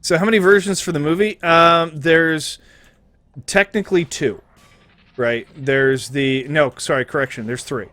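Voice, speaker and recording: A man's voice: on the high side, a little slow, sharp tone, dry recording. A man streaming a game, chatting casually in a rambling, joking, profane way.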